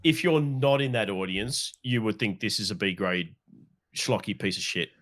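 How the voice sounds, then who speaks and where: A man's voice: lowish voice, moderate pace, a bit bright. A man co-hosting a horror film podcast in casual chat, enthusiastic and swearing freely. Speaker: podcast co-host.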